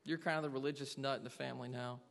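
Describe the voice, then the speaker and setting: A man's voice: mid-range voice, fairly even intonation, rapid-fire, gravelly, in a large hall. A man preaching a sermon to a congregation, earnestly asking them question after question. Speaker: pastor.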